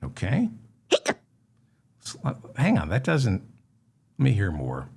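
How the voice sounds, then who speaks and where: A man delivers a comic news monologue in a mock-serious, deadpan tone. His pitch swings widely between low mutters and sharp indignant rises. He takes his time and speaks at an unhurried pace. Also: creaky, husky. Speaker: comedy news host.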